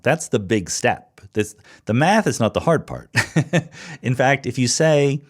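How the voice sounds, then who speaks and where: An American man with a fairly low voice works through listener questions on his own podcast. He thinks aloud as he explains, restarting phrases now and then, and his pitch rises and falls animatedly from line to line. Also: darkish tone. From United States, Philadelphia suburbs. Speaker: podcast host. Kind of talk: solo listener Q&A monologue.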